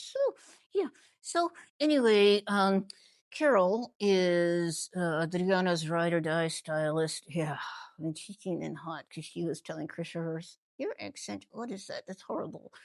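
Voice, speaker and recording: A woman hosting a casual reality-TV gossip recap, chatty and animated, often trailing off and restarting her thoughts. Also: lowish voice, no room sound. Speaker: ventriloquist host.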